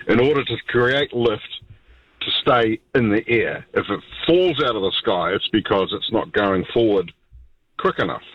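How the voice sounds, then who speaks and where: Brief: New radio caller, mid pitch, muffled lo-fi line. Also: male voice, dry recording. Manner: hesitant, explanatory, many ums. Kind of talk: talk radio call.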